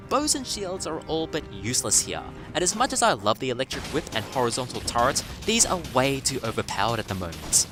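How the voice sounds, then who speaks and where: A man narrating a scripted game review with a dry, sardonic delivery. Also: a little high. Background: music.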